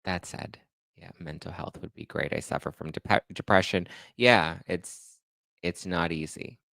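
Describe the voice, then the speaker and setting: Halting low-voiced emotional male host. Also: vocal fry, fairly bright tone, no room sound. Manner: halting, emotional, many fillers. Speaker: podcast host. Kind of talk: emotional casual monologue.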